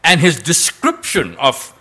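Male preacher, storytelling sermon, animated pitch, dramatic pauses. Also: husky. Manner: dramatic, swooping delivery with drawn-out quotes.

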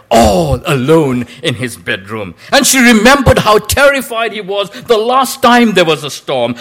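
A man's voice: sits high, fairly bright tone. A male preacher telling a story in a sermon, with a dramatic delivery that draws out quoted lines.

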